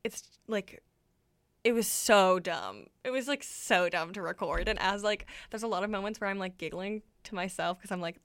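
With a medium pitch, lively intonation, and moderate pace, this young woman chats casually as a radio co-host. Fillers such as "like" pepper her talk, along with giggles.

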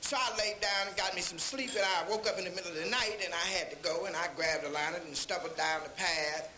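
A man telling comic stories on stage, drawing out lines and pausing before punchlines. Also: high voice, pushed and bright. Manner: slow, drawn-out delivery with pauses before punchlines. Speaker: stand-up comedian. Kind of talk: stand-up storytelling. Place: live club stage before an audience. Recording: echoey live room with audience noise.

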